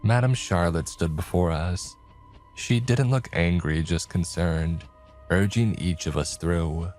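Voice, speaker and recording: Deep-voiced man narrating horror. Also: a little mellow. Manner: measured, dramatic. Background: faint music.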